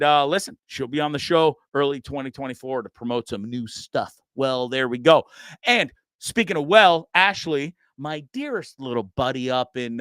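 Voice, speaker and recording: A man hosting a live show in a relaxed, rambling way, with a middle-of-the-road pitch. He chats loosely, reads comments aloud and drops the odd swear, in a dry, close sound. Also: clean tone, no room sound. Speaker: live-stream show host. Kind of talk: casual live-stream chat.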